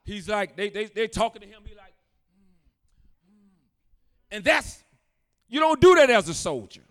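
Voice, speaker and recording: A man with a notably high voice delivers a sermon as a pastor. He tells a story in an easy way and then lifts into forceful, emphatic preaching. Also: very animated, a little slow.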